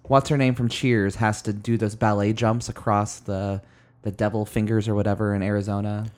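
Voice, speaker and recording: A man chatting casually as a podcast co-host, telling animated stories and swearing freely. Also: lowish voice, normal speed. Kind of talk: casual chat.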